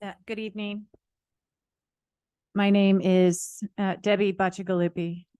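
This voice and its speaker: A woman from a ranching family giving a slow, measured, somewhat hesitant public comment at a city council meeting. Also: medium pitch, flat delivery, dark tone, clean tone, dry recording.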